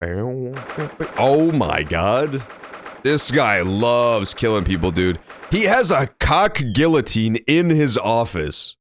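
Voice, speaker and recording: A man's voice: medium pitch, big pitch swings, slow, a little hiss or hum. A young man casually commenting while playing a story game, joking crudely and swearing freely, at a desk microphone at home. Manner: crude, profane, jokey.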